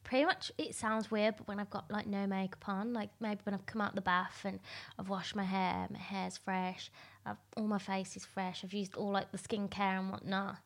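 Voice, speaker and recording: A woman's voice: mid-range voice, level tone, moderate pace. A woman nail technician as a podcast guest, talking casually with lots of fillers. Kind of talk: casual interview chat.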